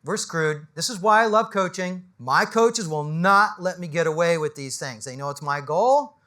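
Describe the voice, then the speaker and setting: A man, a business coach, gives an animated motivational talk to a live audience in an event space, firing off rhetorical questions and tagging lines with "right?". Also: high voice, moderate pace. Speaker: business coach speaking on a panel.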